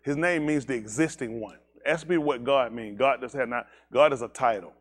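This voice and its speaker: A man's voice: medium pitch, moderate pace. A man leading a congregation in an emphatic teaching sermon, firing rhetorical questions at the room. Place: synagogue service.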